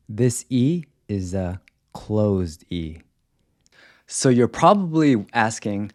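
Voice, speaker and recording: A man teaching a pronunciation lesson, enunciating each example word carefully in a clear, deliberate voice-over. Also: on the low side, expressive, mellow, dry recording, studio quality. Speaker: language teacher.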